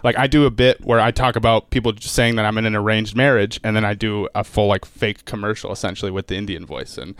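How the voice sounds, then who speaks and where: Laid-back comedian, lots of fillers. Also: male voice, on the low side, steady tone, fast, hardly any pauses, a bit bright, smooth, no echo. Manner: laid-back, filler-heavy, swears casually. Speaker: stand-up comedian, podcast guest. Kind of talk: casual chat.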